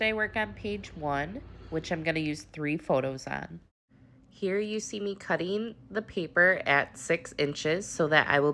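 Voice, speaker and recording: A woman's voice: low-pitched, a bit bright. Stuffy-nosed woman hosting a craft tutorial. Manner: chatty, upbeat, talks to viewers directly. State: stuffy nose from allergies. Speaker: papercraft tutorial host.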